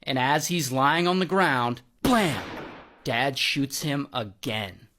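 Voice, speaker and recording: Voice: medium pitch, expressive, takes it slowly, fairly bright tone. A storyteller telling a true-crime story in a casual, dramatic way, throwing in spoken sound effects like blam and pow and talking straight to the viewer. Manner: playful slang, talks straight to the viewer.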